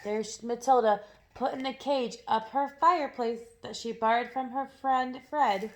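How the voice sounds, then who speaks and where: A woman's voice: a little high, fairly even intonation, measured pace. A woman teacher reading a storybook aloud expressively, adding casual asides to her listeners.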